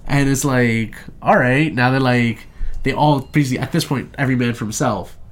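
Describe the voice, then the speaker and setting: A man's voice: medium pitch, moderate pace. A young man casually recapping a movie in a chat, rambling and profane, briefly acting out the characters' lines. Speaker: podcast co-host reviewing a movie.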